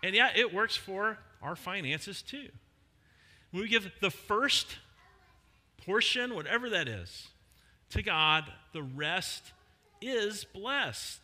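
A middle-aged male pastor preaching a sermon in a conversational way, with emphatic pauses on key words. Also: high voice, lively intonation, bright, forceful tone. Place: church hall. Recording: long hall reverb.

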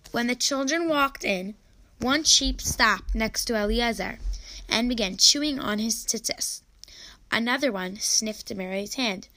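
A woman reading a children's storybook aloud with an animated, expressive delivery. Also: mid-range voice, slight background noise, poor audio.

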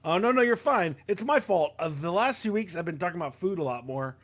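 A young adult man telling stories in a casual, animated chat, full of fillers. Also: high-pitched, fairly quick. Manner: animated, storytelling, many "like" fillers.

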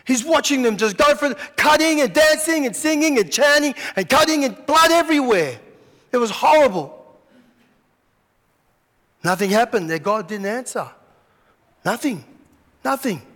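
A man preaching a sermon as pastor, telling stories in an animated way and acting out the scenes. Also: very high voice, normal speed, pauses often. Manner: animated storytelling, acts out scenes. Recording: long hall reverb.

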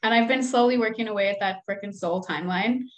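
A woman's voice: mid-range voice, fast, a little hiss or hum. A young woman chatting casually and candidly, cursing often and poking fun at herself. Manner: candid, swears freely, self-deprecating. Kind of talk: casual chat.

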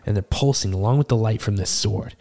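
A man playing a seasoned male tortle cleric, telling a rambling, animated, self-deprecating tavern tale in a tabletop game. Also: fairly low pitch, brisk, vocal fry. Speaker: player. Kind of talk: in-character tavern storytelling.

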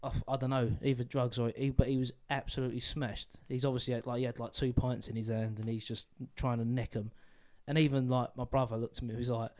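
A man's voice: medium pitch, level tone, quick pace, few pauses, darkish tone. A man, co-hosting a podcast in crude, joking casual chat. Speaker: podcast co-host.

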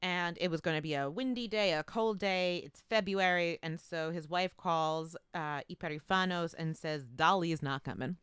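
Woman co-host, casual storyteller who reads quotes aloud; lower, smooth voice, dry close mic. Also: moderate pace, hardly any pauses, a bit bright, no room sound. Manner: reads out article passages, laughs easily. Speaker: podcast co-host.

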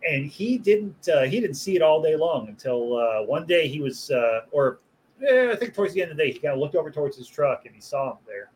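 A man in casual podcast chat, spinning a crude workplace story with plenty of swearing. His voice sits a little high. He laughs through the telling and jumps up in pitch when he quotes other people. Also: sing-song, a little fast, darkish tone, a little hiss or hum. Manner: swears freely, acts out quotes in a raised voice, laughs while telling. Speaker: butcher and podcast guest.

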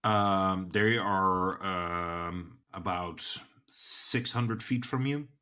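A man narrating as game master of a tabletop game, slow and hesitant with many fillers. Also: low voice, pushed and bright, smooth.

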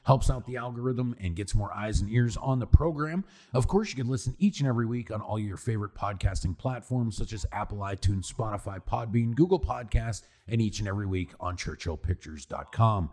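A man co-hosting a podcast in casual banter, animated and profane, full of "dude" and "like". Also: lowish voice, fairly quick, few pauses. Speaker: podcast co-host.

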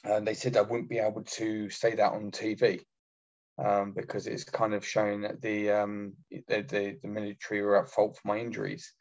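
An army veteran telling blunt, sweary stories in a casual chat. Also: male voice, fairly low pitch, completely flat delivery, normal speed, lo-fi sound. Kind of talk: casual podcast storytelling.

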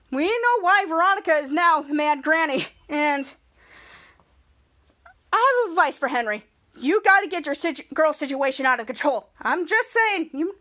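A woman's voice: high-pitched, bright, forceful tone. A woman hosting a podcast and recapping a TV episode in a chatty, rambling way, with gushing sign-offs to listeners. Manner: chatty, rambling, with frequent restarts. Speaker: podcast host.

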